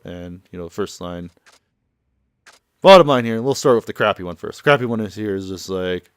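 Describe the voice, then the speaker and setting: A man's voice: fairly low pitch, expressive, a little fast, clean tone, no echo, studio quality. A man giving offhand, rambling commentary over gameplay, translating the dialogue as he goes. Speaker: let's play commentator.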